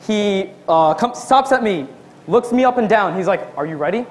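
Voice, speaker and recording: A man's voice: high-pitched, expressive, normal speed, a little hiss or hum. A young man performing a stand-up comedy routine, telling a long workplace story and acting out the people in it. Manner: storytelling, acts out quotes in his own voice.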